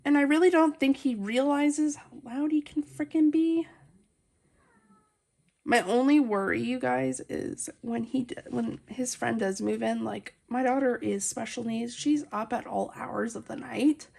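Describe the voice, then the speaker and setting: A woman's voice: fairly high pitch, measured pace, gravelly, a little mellow. A woman vlogging casually from home as she colors, chatting and rambling with lots of fillers, recorded on a phone. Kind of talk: casual chat while coloring. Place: at home, family nearby.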